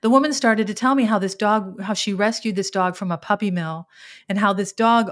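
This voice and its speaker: A middle-aged woman talks through a reflective spiritual monologue as a podcast host. She is earnest and openly emotional, with a mid-pitched voice. She often stumbles and restarts as she goes. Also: fairly quick.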